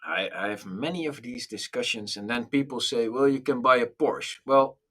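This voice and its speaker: A man's voice: medium pitch, normal speed, fairly bright tone, slightly rough. A man chatting casually on a podcast as a music coach, pushing his point with many restarts.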